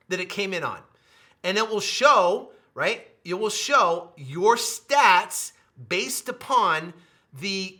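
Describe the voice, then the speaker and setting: A man in a driven sales pitch, hammering the same phrases again and again. His voice sits high and sounds bright and forceful. Now and then he drops into a low, quiet aside. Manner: repetitive, emphatic, with sudden drops to a low mutter. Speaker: host pitching his software.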